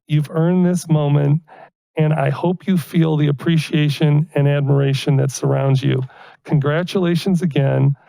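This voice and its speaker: A man's voice: fairly high pitch, fairly even intonation, normal speed, vocal fry, warm tone, no echo. An American man presiding over a city council meeting, speaking informally as he hands out an award.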